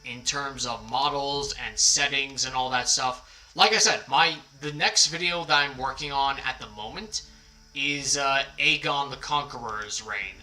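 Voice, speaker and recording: A man with a mid-range voice hosts a livestream, chatting casually at a measured pace. He rambles, apologizes, and often pokes fun at himself. The audio is poor, with quiet background music running under his voice.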